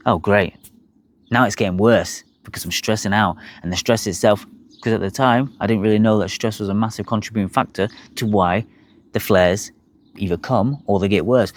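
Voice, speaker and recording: A young man, bluntly telling his own health story to camera, swearing freely. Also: on the low side. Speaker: health vlogger.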